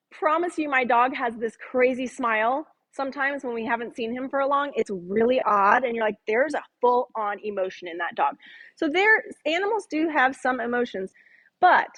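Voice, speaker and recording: Woman, middle-aged Bible study leader, high-ish voice, playful and conversational. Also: animated, normal speed, fairly bright tone, rough recording. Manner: chatty, jokes with the audience, acts out voices in quotes.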